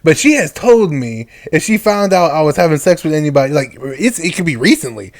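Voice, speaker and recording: A man's voice: a little high, very animated, brisk, dry recording, clean studio sound. A man talking casually on a podcast, rambling and restarting his sentences as he tells stories. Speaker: podcast host. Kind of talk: casual chat.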